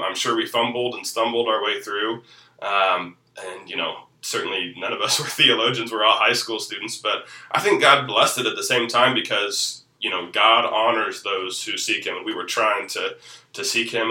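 Pastor guy telling his story, lowish voice, lots of ums, roomy echo. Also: bright, forceful tone, far from the mic. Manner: reflective, many fillers and restarts. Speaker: executive pastor. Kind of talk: personal testimony.

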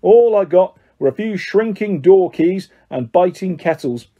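A man's voice: sits high, animated, unhurried, warm tone, lo-fi sound, exaggerated voice. A man voicing a tired, mild middle-aged wizard father who mumbles and stammers when caught out. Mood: weary, flustered. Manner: tired, mumbling, then flustered.

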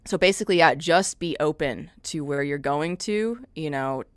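A woman's voice: low-pitched, normal speed, no echo. A woman from the American Midwest, a podcast guest chatting casually, frank and self-deprecating, laughing often.

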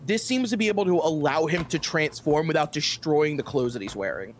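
Man, game master, somewhat high voice, upbeat, playful, casual narration. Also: expressive, fairly quick, slight background noise. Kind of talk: narrating a tabletop game over a voice call.

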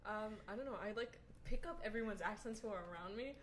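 A woman's voice: medium pitch, quick pace, a crowd in the background. A young woman from New York with no accent, chatting in a laid-back, giggly way and swearing casually. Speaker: podcast co-host. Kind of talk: casual chat.

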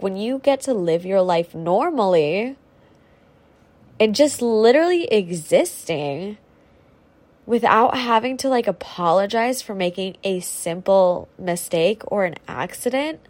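A woman's voice: medium pitch, a little mellow. A young woman hosting her own podcast, rambling and ranting casually with lots of fillers and swearing, on a faulty home microphone. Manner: chatty, swears freely, rambling with many fillers. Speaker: podcast host. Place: at home with a squeaky chair.

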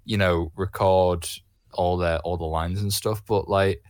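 A man with a low voice chats on a casual podcast, recorded with a dry, close sound. He hesitates a lot and leans on fillers such as "like" and "you know". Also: steady tone, measured pace, no room sound. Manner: hesitant, filler-heavy, laughs often. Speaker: podcast co-host.

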